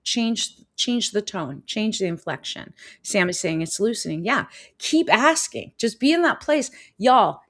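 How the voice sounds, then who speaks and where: Animated woman coaching viewers. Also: medium pitch, unhurried. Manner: animated, repeats phrases, reads viewer comments aloud. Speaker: coach hosting a live stream. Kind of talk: live-stream coaching talk.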